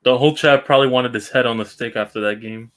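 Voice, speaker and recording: A man's voice: mid-range voice, fairly bright tone. A man on a sports stream who laughs a lot and mocks the betting viewers. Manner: laughs a lot, slow mocking remarks.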